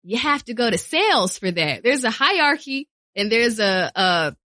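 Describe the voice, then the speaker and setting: A woman radio personality talking casually in a studio interview, lively and repeating phrases for emphasis. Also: on the high side, moderate pace, no room sound. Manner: animated, acts out quoted voices, repeats phrases for emphasis.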